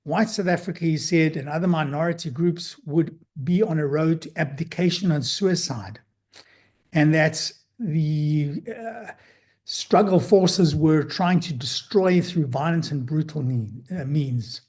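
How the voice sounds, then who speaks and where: A man presenting a lecture as a psychologist, speaking in a measured way with frequent fillers and restarts. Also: fairly high pitch, a little mellow. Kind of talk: lecture talk.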